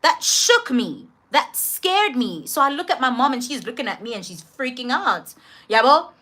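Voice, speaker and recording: A young woman with a South African accent who tells a personal story in a casual vlog, switching between English and Zulu in an animated, slangy way. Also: sits high, moderate pace. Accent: South African, mixing in Zulu. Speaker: vlogger.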